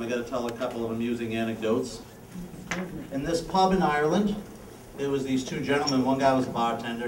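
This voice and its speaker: A man's voice: mid-range voice, a little mellow, slight background noise. A man entertaining at a senior center party, telling jokes in a chatty storytelling manner and chuckling at his own punchlines. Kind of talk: live stand-up joke telling. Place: large hall at a senior center. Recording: echoey hall, distant mic, music. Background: music.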